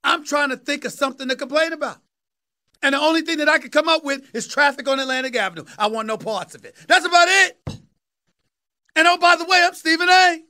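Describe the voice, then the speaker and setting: A New man in his fifties holding forth as a sports talk host, his voice pitched unusually high and ringing bright and forceful. He preaches his points emphatically, hammering them home by repeating phrases. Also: quick pace. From New York City. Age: 50s. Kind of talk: sports commentary monologue.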